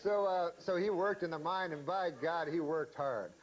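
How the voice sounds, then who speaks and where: A male comedian telling a long joke in a deadpan, rambling, hesitant way. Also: a little high, normal speed. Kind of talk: deadpan shaggy-dog storytelling. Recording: noisy archive recording.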